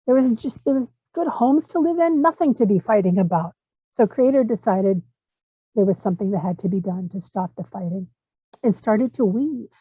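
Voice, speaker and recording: A woman's voice: fairly high pitch, dry recording. Woman storyteller over a tinny line. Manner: lively, rising for excited moments. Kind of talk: oral storytelling.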